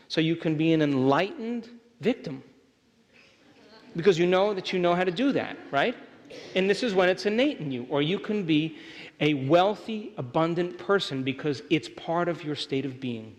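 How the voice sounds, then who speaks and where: A man giving a motivational seminar lecture to a live audience, keeping them engaged by asking if they follow along. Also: a little high. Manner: keeps checking in with the audience. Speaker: seminar speaker. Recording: long hall reverb.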